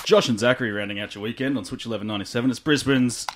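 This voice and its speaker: A man's voice: medium pitch, rapid-fire, over loud music. A man with an Australian accent hosting a radio show, playful and hammy, laughing often. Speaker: radio host. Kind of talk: comedic radio banter.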